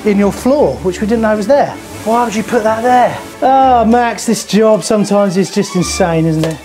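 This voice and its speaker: Chatty plumber over music. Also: male voice, high-pitched, expressive, normal speed, a little mellow. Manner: chatty, joking asides to camera. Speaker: plumber presenting a how-to. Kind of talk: casual on-the-job tutorial. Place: customer's bathroom, indoors. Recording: music playing under the voice.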